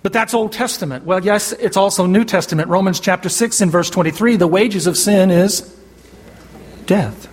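A long hall reverb surrounds a high-pitched, husky male preacher. He speaks emphatically, quotes scripture, and asks the congregation questions, leaving pauses for them to respond out loud.

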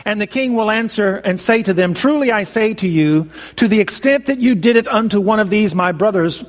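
A man preaching a sermon, measured and emphatic, slowing down to stress key phrases. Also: high-pitched, expressive. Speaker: pastor. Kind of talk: expository sermon. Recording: long reverb of a large hall.

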